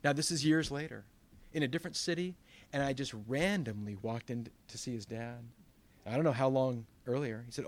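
A man's voice: mid-range voice, expressive, fairly quick. A man preaching a sermon as pastor, telling stories with quoted voices and emphatic rises. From Northern California.

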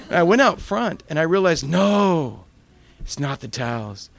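In this sermon built around stories, a pastor with a gravelly, fairly high voice speaks at a moderate pace. He tells humorous anecdotes with animation, imitating the voices of their characters.

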